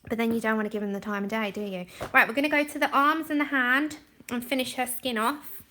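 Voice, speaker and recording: A woman's voice: fairly high pitch, fairly even intonation, fast talker, pushed and bright, slight background noise. A woman hosting a livestream, chatting casually while explaining her colouring steps and thanking viewers by name. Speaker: livestream art host.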